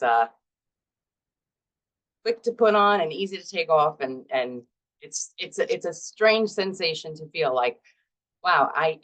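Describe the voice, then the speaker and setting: A woman's voice: low voice, rough recording. A woman, middle-aged, talking casually to camera as a vlog host, chatty and self-deprecating with frequent laughs.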